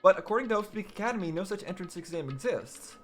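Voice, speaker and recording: A man's voice: sits high, expressive, fast talker, soft background music. A man playing a story game blind for the first time, thinking aloud and restarting his sentences as he puzzles things out. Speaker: gaming video host. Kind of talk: blind playthrough commentary.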